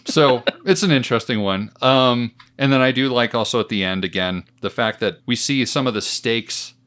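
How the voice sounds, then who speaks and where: Male podcast co-host, mid-pitched, blunt and quick to laugh, swears in casual film chat. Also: a bit bright, smooth.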